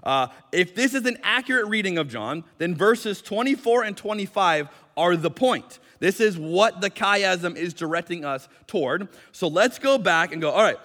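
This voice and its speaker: A man's voice: high voice, lively intonation, normal speed, hardly any pauses, a bit bright, long reverb tail. A male pastor preaching a sermon in a conversational, explanatory way with light jokes, speaking in a church sanctuary.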